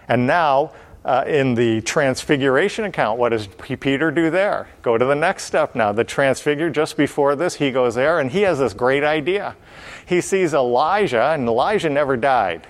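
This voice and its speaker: A man's voice: mid-range voice, animated, normal speed. Man teaching a Bible sermon. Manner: explanatory, repeats phrases for emphasis. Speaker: preacher.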